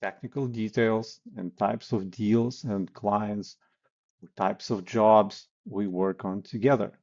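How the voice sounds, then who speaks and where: A man's voice: lowish voice, steady tone, slow, a little mellow, dull audio. A man teaching phone sales techniques in a casual way, acting out sample call lines as he goes. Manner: casual, demonstrates cold-call lines aloud. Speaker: sales trainer. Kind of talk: instructional talk with role-play examples.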